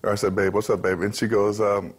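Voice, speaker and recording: A man's voice: fairly low pitch, level tone, a little fast, breathy edge. A man in his thirties, a professional football player, talking candidly and easily as an interview guest, with many fillers and restarts. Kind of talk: relaxed interview talk.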